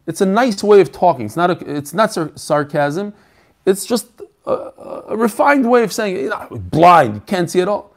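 Talmud teacher, male, slightly high voice, conversational, talks himself through questions and repeats phrases. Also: big pitch swings, moderate pace. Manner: mixes Yiddish-flavored terms into English. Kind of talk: daf shiur, teaching aloud.

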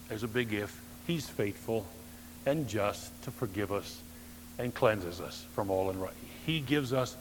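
Preaching man in a reverberant church. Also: slight background noise. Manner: emphatic preaching, swinging between loud stresses and soft low phrases; dry humorous asides. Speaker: pastor. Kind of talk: sermon. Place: church sanctuary.

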